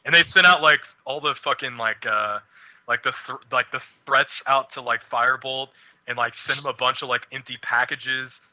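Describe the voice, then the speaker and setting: A man's voice: medium pitch, steady tone, normal speed, pushed and bright, dry recording, poor audio. A young man co-hosting a casual radio show, rambling and swearing, laughing often. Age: young adult. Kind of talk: casual chat.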